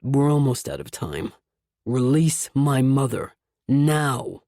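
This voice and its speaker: A woman voicing a ruthless male villain king in an audiobook, low, slow and commanding. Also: animated, dark tone, no echo, studio quality, heavily acted. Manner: cold, commanding. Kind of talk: audiobook character voice.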